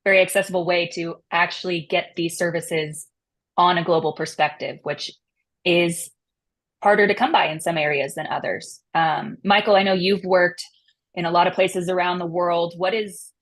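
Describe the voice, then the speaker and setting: A woman's voice: on the low side, fairly even intonation, moderate pace. A woman hosting a webinar, asking a guest friendly questions. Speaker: webinar host. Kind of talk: webinar interview.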